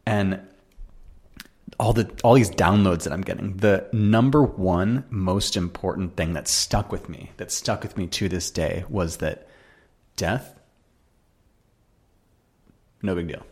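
A man with a low, deep voice tells his own story as a podcast host. He talks in an earnest, animated way and circles back over the same phrases as he builds each point. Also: takes it slowly, long pauses. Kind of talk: personal storytelling monologue.

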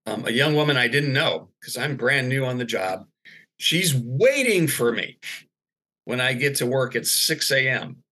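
A man as a podcast guest, telling a personal faith story in an earnest, animated way. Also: mid-range voice, unhurried, slightly rough. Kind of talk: personal testimony in conversation.

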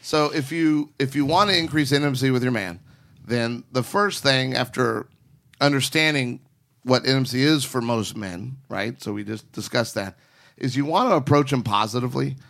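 A man's voice: medium pitch, moderate pace, gravelly, a bit bright. Teasing male podcast host giving advice. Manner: teasing, preachy. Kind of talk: relationship advice talk.

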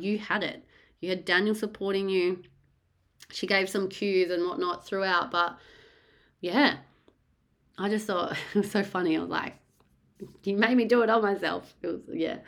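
A woman's voice: mid-range voice, fairly bright tone. Woman podcast host, candid storyteller, rambling and foul-mouthed, mid-range voice. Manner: rambling, blunt, swears freely.

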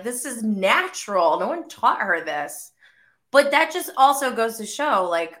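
Woman, 30s, podcast host, unhurried rambling chat, bright tone, flu cough. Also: lowish voice. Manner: rambling, full of "like" fillers. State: getting over the flu, coughing. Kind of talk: casual chat.

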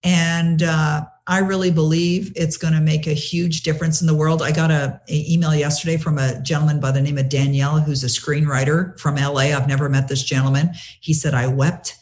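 A woman's voice: low-pitched, fairly quick, few pauses. A woman, a guest author, telling a story in an interview and eagerly retelling what people said to her. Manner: animated, retells conversations with lively quoting; many fillers and restarts.

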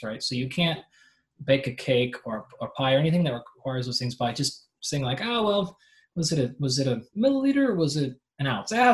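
Animated man explaining coaching ideas. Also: medium pitch. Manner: animated explainer, acts out athletes' voices; frequent filler "like" and restarts. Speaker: performance coach, podcast guest. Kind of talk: casual interview conversation.

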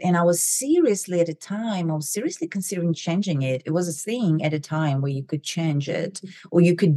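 A middle-aged woman with a foreign accent, hosting a motivational talk. She talks fast, swallows word endings and keeps tagging on "right?" and "you know". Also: deep voice, dark tone, dry recording. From immigrant to the US. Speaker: podcast host.

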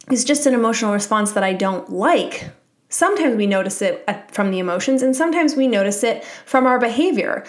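A woman in her thirties hosting a solo podcast, calmly explaining and encouraging her listeners as a mindset coach. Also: fairly high pitch.

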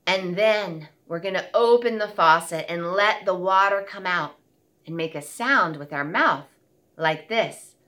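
Teacher lady singing and talking to little kids, real slow, bright clear voice. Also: fairly low pitch. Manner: gentle, slow, sings nursery rhymes and songs. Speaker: children's teacher. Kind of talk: children's circle-time lesson.

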